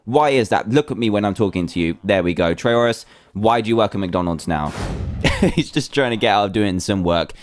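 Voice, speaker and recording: A young man giving playful, teasing commentary as a gaming video host, jumping into high-pitched mock outrage. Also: lively intonation, normal speed, dry recording. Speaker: gaming YouTuber. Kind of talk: Minecraft mod showcase commentary.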